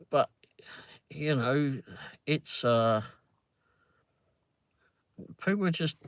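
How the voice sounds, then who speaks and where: A man's voice: medium pitch, no echo. Rambling, swearing London man. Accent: London English. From England. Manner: rambling, swears freely, frequent fillers and restarts. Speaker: co-host of a live ride-along stream. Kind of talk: casual chat. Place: in a car.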